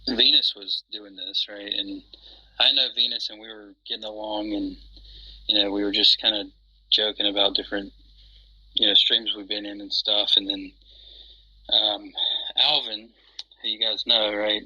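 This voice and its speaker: A man chatting casually, with plenty of fillers and restarts. His voice is low, husky and bright-toned. The audio comes through dull and lo-fi. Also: level tone, moderate pace, long pauses, dry recording. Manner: rambling, many fillers and restarts. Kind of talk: casual chat. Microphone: phone on an audio chat app.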